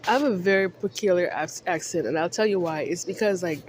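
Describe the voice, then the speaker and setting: Munching chips, she rambles through a casual on-camera rant in Canadian English tinged with Jamaican undertones, filling it with fillers and repeated "I'm just saying." Her voice is lowish and a little quick, with slight background noise.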